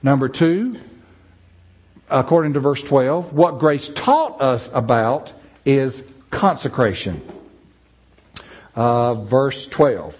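A man preaching a sermon in a church, animated and acting out the voices of the people he quotes. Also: mid-range voice, slow, pauses often.

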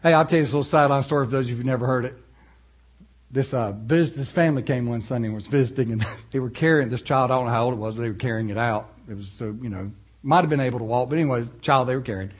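A male pastor, preaching in a folksy, animated way with storytelling asides. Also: mid-range voice, very fast. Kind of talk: sermon.

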